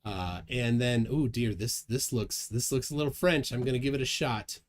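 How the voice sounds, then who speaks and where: With a slight hiss or hum underneath, a man runs a casual livestream, speaking at a normal pace in a mid-range voice. He's lively, laughing softly as he reads chat comments out loud.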